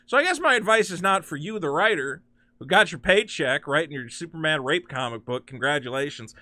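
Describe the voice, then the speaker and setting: Here a man rants through his comic-book commentary, incredulous and sarcastically exasperated, speaking fairly quickly. His slightly high, animated voice swoops around with a bright, forceful bite, recorded close and dry with no echo or room sound.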